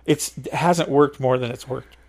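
A man's voice: medium pitch, steady tone, normal speed, crowd noise. A man co-hosting a podcast in casual chat, chatty and rambling, teasing his co-host.

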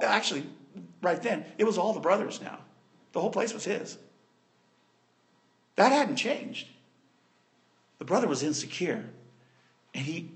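High-voiced preacher guy, super animated, voice all over the place, chatting to the church. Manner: animated storytelling, addresses the congregation. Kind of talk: sermon.

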